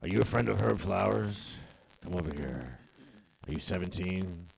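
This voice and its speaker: A man putting on a creepy, leering, sleazy voice, low and murmured, on a podcast with music behind. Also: animated, normal speed, gravelly, husky, exaggerated voice.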